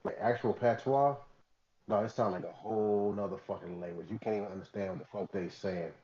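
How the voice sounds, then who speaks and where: Podcast guy talking real fast, dark mellow voice, blunt and cussing, kinda dull lo-fi sound. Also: lowish voice. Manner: blunt, profane, explains with conviction. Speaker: podcast co-host running the segments. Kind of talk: casual podcast banter.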